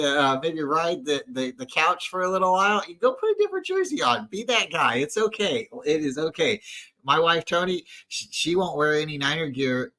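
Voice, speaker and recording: A man's voice: a little high, pushed and bright, rough recording. A man co-hosting a casual sports fan show, telling rambling stories with many restarts. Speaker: podcast co-host.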